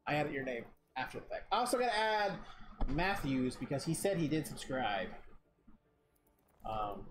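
Young streamer at home on a desk mic, animated swings in pitch, keyboard clatter behind. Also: normal speed. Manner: chatty and excitable, thanks viewers by name. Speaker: game streamer. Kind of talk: casual live-stream chat. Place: home room. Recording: keyboard typing noise behind.

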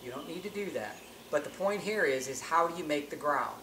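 A man's voice: fairly high pitch, lively intonation, a little fast. A man teaching elk calling in a plain-spoken, instructional way, often restarting phrases as he explains. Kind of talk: hunting-call tutorial. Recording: echoey with faint ambient noise.

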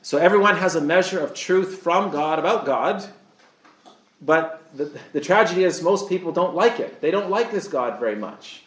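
A man delivers a sermon with earnest conviction. His voice sits a little high for a man, and it carries through a room with noticeable echo. He often stops to put questions to his listeners. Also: animated, moderate pace, a bit bright. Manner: earnest, asks the audience rhetorical questions. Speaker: pastor.

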